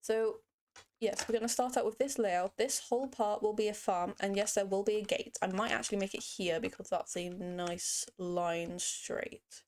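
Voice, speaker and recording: A young woman talks through a game building tutorial in a loose, chatty way. She wanders off topic, mocks herself, and jokes as she goes. Her voice sits at an ordinary middle pitch for a woman. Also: steady tone, normal speed, a little mellow. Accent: puts on a mock accent at times. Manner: playful, rambling, self-mocking asides. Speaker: Minecraft build tutorial creator. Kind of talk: casual screen-recorded game tutorial.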